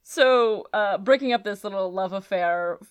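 A woman's voice: mid-range voice, a little slow, clean tone, no room sound, clean studio sound. A young woman co-hosting a podcast, rambling playfully with lots of "like"s in casual chat. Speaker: podcast co-host.

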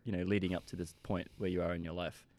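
A man's voice: low voice, level tone, quick pace, darkish tone, dry recording. A man in casual podcast chat who steers the questions, talking in a loose, joking way. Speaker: podcast guest asking questions.

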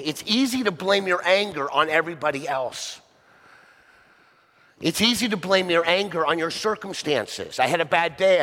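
A man's voice: mid-range voice, fairly bright tone, long reverb tail. A male pastor preaching a sermon conversationally, often asking the listeners rhetorical questions.

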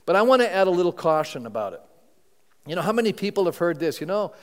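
High-voiced male pastor preaching in a hall. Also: sing-song, fast talker. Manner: conversational, peppers the congregation with rhetorical questions. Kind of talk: sermon. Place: church sanctuary before a congregation. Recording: long reverb of a large hall.

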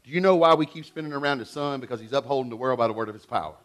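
A middle-aged man preaching a sermon in an animated way, swinging between loud and hushed delivery. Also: mid-range voice, very fast. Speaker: pastor.

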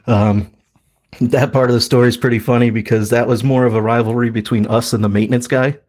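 A man's voice: medium pitch, steady tone, brisk, a little mellow. A man in his thirties, a podcast co-host, telling a story in a laid-back way, with lots of fillers and laughs. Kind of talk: casual storytelling chat.

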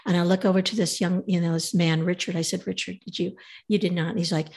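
Husky-voiced woman telling a story. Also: lowish voice, fast. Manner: animated storyteller, acts out quoted voices. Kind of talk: casual storytelling.

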